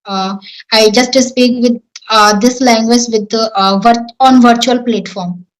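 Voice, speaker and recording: A woman's voice: a little high, steady tone, measured pace, low-quality recording. A woman with an Indian accent answering questions in casual English practice, earnest and self-assured. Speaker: English-learning YouTuber.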